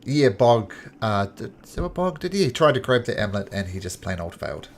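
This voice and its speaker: A male game master running a tabletop game. His pitch moves all over as he narrates. His delivery is lively and chuckling. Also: brisk, slight background noise.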